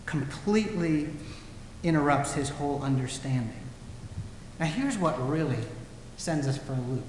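A man gives a sermon in a relaxed, storytelling manner, his voice sitting a little high. He is heard in a big hall that rings with strong, lingering echo. A faint hum of ambience sits under his words. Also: measured pace. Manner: conversational storytelling, acts out quotes. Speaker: pastor.

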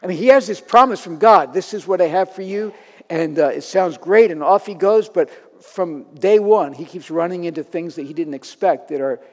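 A man preaching a sermon in a conversational, storytelling manner, acting out quotes as he goes. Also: on the high side. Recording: long reverb of a large hall.

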